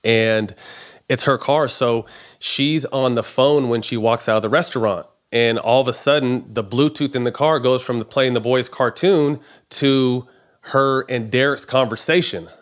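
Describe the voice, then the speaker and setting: A man's voice: mid-range voice, unhurried. A middle-aged man casually telling a long personal story, swearing often and acting out the dialogue. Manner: profane, animated storytelling with quoted dialogue. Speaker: podcast guest.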